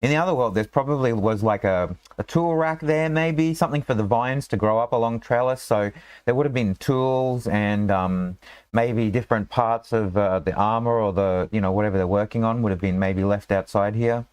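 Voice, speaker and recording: A man's voice: on the low side, normal speed, darkish tone, clear, resonant tone, dry recording. A man running a tabletop game as game master, in a rambling, casual way full of fillers and restarts.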